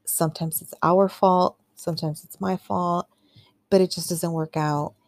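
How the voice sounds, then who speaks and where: Low-voiced woman telling a candid story. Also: steady tone, measured pace, darkish tone. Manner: candid, chatty, lots of fillers and acted-out quotes. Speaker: podcast host. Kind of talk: casual storytelling monologue.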